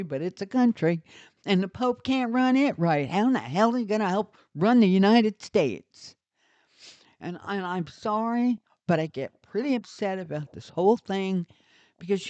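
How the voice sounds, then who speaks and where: An older woman vents in an indignant, scornful monologue, heavy with sarcasm. Her voice is warm and mellow. The recording is dry and a little dull, like a lo-fi home setup. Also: on the low side, no room sound. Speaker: vlogger. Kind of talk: ranting monologue to camera.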